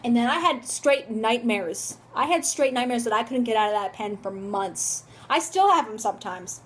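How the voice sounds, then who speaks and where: Young woman vlogger with a high voice, dramatic storytelling, phone-recorded, casual. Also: moderate pace, hardly any pauses, a little hiss or hum. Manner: dramatic, animated, shrieks when reenacting. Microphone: phone camera.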